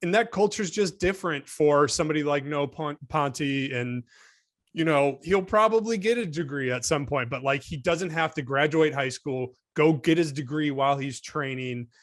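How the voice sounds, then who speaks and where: A man's voice: on the high side, normal speed, no echo, clean studio sound. A man co-hosting a casual sports panel discussion, thinking aloud in rambling sentences with many restarts. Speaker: co-host.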